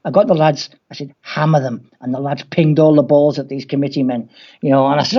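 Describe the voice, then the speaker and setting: A Scouse-accented football coach from England talks fast in a fairly high, fairly even voice during a storytelling interview. He spins wry anecdotes and mimics the people he quotes, all on dull lo-fi audio.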